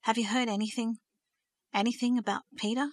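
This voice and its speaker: A woman's voice: fairly high pitch, steady tone, fairly quick, no echo, clean studio sound, lightly acted. A woman voicing a remorseful, tearful young man who pleads in a shaky, sobbing voice. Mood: pleading.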